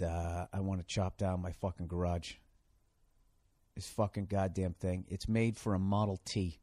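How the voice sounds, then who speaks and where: A man's voice: fairly low pitch, a little mellow, dry recording. A man hosting a solo podcast, rambling in a sarcastic, profanity-heavy rant. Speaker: podcast host.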